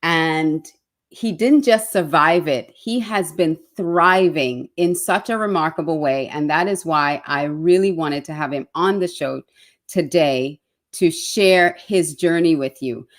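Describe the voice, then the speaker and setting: A woman's voice: sits low, a little slow. Effusive woman hosting an interview. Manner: effusive, fumbling over words, many fillers. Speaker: show host. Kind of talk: live online interview show.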